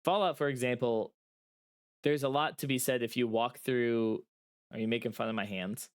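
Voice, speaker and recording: A man talks casually as a podcast co-host, cracking jokes and digging in his heels. His voice sits at an ordinary middle pitch. He comes through a remote call mic. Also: normal speed, clean tone. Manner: joking, playfully stubborn. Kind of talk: casual chat.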